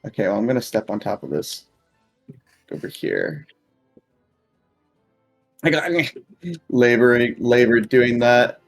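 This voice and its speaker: A man's voice: mid-range voice, expressive, unhurried, gravelly, pauses often, soft background music. A man taking his turn in a tabletop game, chatting casually and laughing. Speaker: player.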